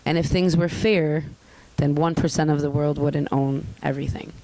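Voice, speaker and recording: A young woman chatting casually as an interview guest, candid and profane, telling stories with lively put-on voices. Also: sits low, moderate pace, a little hiss or hum, low-quality recording. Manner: candid, profane, animated storytelling. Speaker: guest artist.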